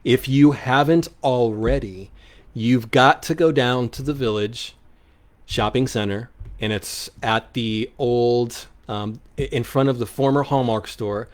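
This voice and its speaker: A man hosting a local live radio show, chatting casually, reading out listener questions with many ums and restarts in an upbeat, rambling way. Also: mid-range voice.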